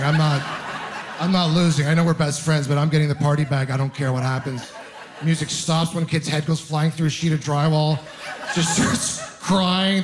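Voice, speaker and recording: A man in his thirties from Ontario, doing a stand-up comedy set as an animated, self-mocking storyteller full of mock outrage. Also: on the high side. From Ontario, Canada.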